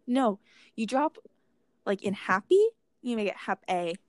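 A woman's voice: fairly high pitch, normal speed, darkish tone, no echo. Teen girl, podcast co-host, casual chat, dry close sound. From United States. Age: teens. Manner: chatty, lots of "like" fillers.

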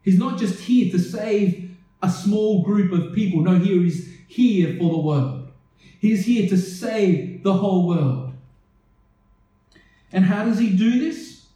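A man delivers a sermon in a high, mellow voice, taking his time over each phrase. He keeps pressing the listeners with earnest questions. The sound is very echoey, as if he stands some way off from the mic. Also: animated, takes it slowly. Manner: earnest preaching, repeated rhetorical questions. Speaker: pastor. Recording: echoey room, voice from a distance.

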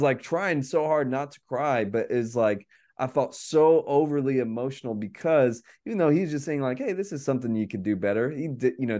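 In a casual podcast conversation, a man rambles, laughs frequently, and leans heavily on the word "like." His voice is mid-range with a somewhat dark tone.

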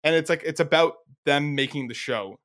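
A man with a somewhat higher voice co-hosts a casual podcast. He teases his guest good-naturedly and laughs easily through the talk. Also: fairly bright tone. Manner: teasing, quick to laugh, friendly ribbing. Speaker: podcast co-host. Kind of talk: casual chat.

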